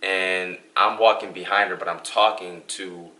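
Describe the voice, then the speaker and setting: A man's voice: sits low, a little slow. A young man hosting a couple's vlog, from Western New York, telling a story casually and acting out the dialogue. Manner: animated, acts out dialogue. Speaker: vlog host.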